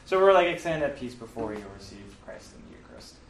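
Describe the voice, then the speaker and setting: A man's voice: medium pitch, very animated, quick pace, slight background noise. Guy talking through the mass step by step, kinda chatty, echoey room, mic a bit far off. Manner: conversational, with fillers and self-corrections. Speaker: teacher explaining the Mass. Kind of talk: casual explanatory talk. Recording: roomy, from a distance, faint ambience.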